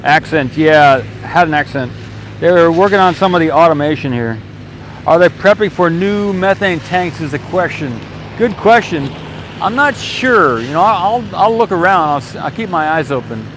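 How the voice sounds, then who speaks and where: A man's voice: on the high side, lively intonation, normal speed, a bit bright. Man live streaming outdoors by traffic. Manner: reads viewer comments aloud and answers them. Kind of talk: casual live-stream chat. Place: outdoors by a road at a launch site gate. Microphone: handheld mic.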